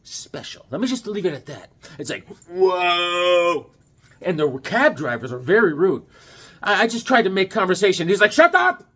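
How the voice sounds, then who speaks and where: Middle-aged male vlogger, goofy and jokey, slightly high husky voice. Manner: goofy, joking, animated, acts out quick bits. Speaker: comic collector vlogger. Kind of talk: rambling casual vlog with jokes.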